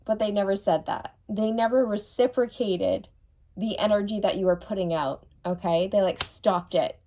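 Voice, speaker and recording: A woman with a mid-range, slightly mellow voice and some vocal fry delivers a tarot reading monologue in a frank, teasing way. She bluntly mocks the person the cards describe, laughs often, and keeps checking in with the viewer, repeating "okay."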